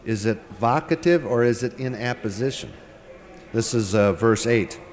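A man giving a verse-by-verse scripture lecture, working through the text word by word with pauses and filler sounds. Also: medium pitch, long reverb tail. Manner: deliberate, translating word by word with frequent pauses and fillers. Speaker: Bible teacher.

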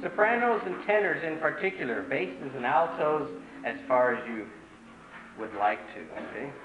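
A man's voice: on the high side, expressive, moderate pace, echoey room, phone-quality sound. A man conducting a choir rehearsal, teaching in an earnest, emphatic way with many fillers.

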